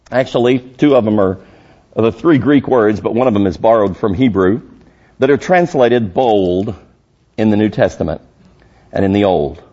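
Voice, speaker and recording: A male pastor preaching a sermon emphatically, rising to loud high peaks and dropping to low quiet lines. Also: dull audio.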